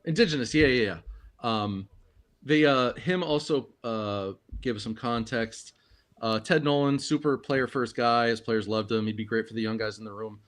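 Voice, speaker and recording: A man hosting a casual sports podcast on a livestream, his voice at an ordinary middle pitch. He thinks out loud, stopping and restarting with plenty of ums. The talk is relaxed and conversational. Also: moderate pace. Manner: hesitant, lots of ums and restarts. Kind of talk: casual hockey podcast chat.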